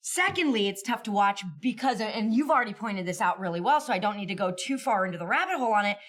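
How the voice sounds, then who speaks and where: Measured woman co-hosting commentary. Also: mid-range voice, animated, fairly bright tone. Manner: measured, reflective, with hesitations. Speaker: co-host. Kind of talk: political commentary.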